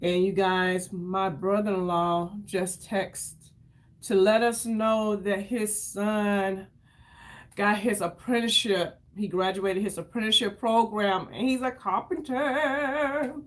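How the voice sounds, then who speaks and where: A woman's voice: mid-range voice, steady tone, slow pace. Chatty woman in her fifties, livestreaming. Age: 50s. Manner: chatty, effusive, greets viewers by name. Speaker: makeup livestream host. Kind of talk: casual livestream chat while doing makeup.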